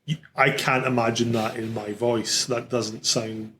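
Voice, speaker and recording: A man's voice: mid-range voice, level tone, unhurried, fairly bright tone, slight background noise. A man co-hosting a podcast in casual chat, teasing his friends and laughing often. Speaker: podcast co-host.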